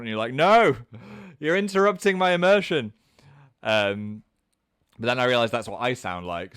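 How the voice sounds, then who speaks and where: A man in his thirties, hosting a casual livestream chat in a chatty, self-mocking way and jumping up in pitch for comic voices. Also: a bit bright, clear, resonant tone, no echo, clean studio sound. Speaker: livestream host.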